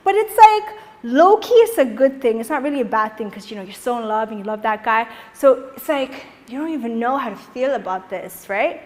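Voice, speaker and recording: High-voiced woman teaching dance, reverberant room. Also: a little fast, hardly any pauses. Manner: energetic, encouraging, counts beats aloud. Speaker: dance instructor. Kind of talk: dance tutorial.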